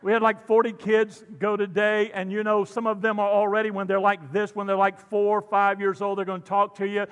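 Older pastor preaching in a reverberant hall. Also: male voice, high-pitched, completely flat delivery, clean tone. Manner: fervent preaching with drawn-out emphatic climbs and joking asides. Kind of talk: sermon. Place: church sanctuary.

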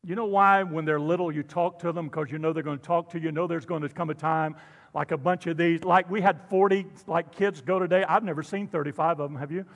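A man's voice: on the high side, fairly even intonation, a little fast, creaky. An older man preaching a sermon as pastor in a church, fervent and drawn out on the big lines, with joking asides. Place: church sanctuary. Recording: long hall reverb.

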